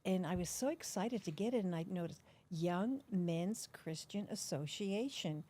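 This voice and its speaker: An older woman, a guest in an interview, telling her story in a chatty, animated way. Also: fairly low pitch, measured pace. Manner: animated, chatty storyteller who laughs between phrases.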